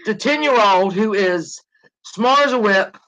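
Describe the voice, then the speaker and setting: A woman in her forties chatting on her own livestream, bright-toned and forceful. She jokes, rambles and swears freely. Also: mid-range voice, expressive, unhurried, poor audio. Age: 40s. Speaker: livestream host. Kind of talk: casual chat.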